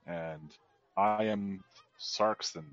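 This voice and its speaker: A man's voice: low-pitched, extremely slow, no room sound. A man playing a stiff, formal adventurer. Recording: dull, dry lo-fi mic.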